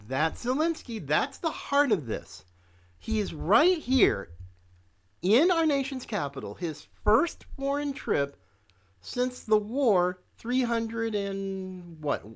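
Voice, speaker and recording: A woman delivers a combative political monologue, talking straight at her listeners. She speaks slowly and lets her pitch swing widely as her sarcasm builds. She keeps her tone biting. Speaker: podcast host.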